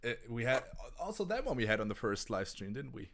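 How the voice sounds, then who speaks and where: With a German accent, a man co-hosts a casual live stream about guitar gear, restarting and stammering often. He talks fast and very animatedly in a mid-range, slightly bright voice.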